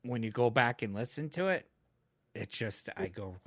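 A man's voice: medium pitch, animated, normal speed, no room sound. A man hosting a podcast in casual chat, rambling with lots of fillers and casual swearing. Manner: close to the mic, sometimes trails off quietly. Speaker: podcast host and editor.

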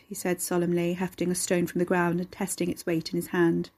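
A woman narrates a dark storybook tale with a steady, measured reading. Her voice is low in pitch and husky in texture, keeping an even storytelling pull.

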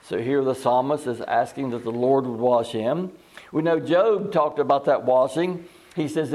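A man teaching a Bible study in a folksy, halting way, reading scripture slowly. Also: medium pitch, fairly even intonation, darkish tone. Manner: folksy, plain-spoken and halting.

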